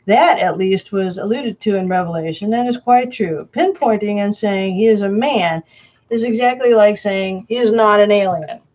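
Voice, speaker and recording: A woman reading a prepared statement aloud, slowly and emphatically. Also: mid-range voice, a little mellow, dull audio. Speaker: self-proclaimed Antichrist answering questions.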